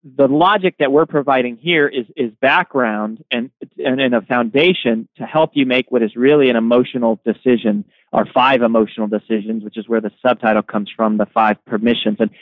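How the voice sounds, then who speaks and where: A man's voice: medium pitch, brisk, few pauses, no room sound. A man, an author and guest, explaining his ideas in an interview and telling stories with energy, often repeating words as he starts. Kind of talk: interview answers. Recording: phone-like remote line.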